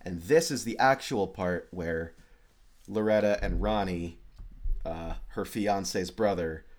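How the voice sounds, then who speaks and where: A man's voice: low-pitched, takes it slowly, a little mellow. A man co-hosting a casual film podcast, joking wryly as he talks through a plot. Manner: wry, joking commentary. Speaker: podcast co-host. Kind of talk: casual film-review chat.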